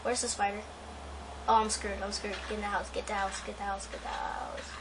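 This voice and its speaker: A woman's voice: mid-range voice, fairly quick. A woman giving live gameplay commentary as the channel host, anxious, talking to the game and repeating phrases over and over. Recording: clear steady background noise.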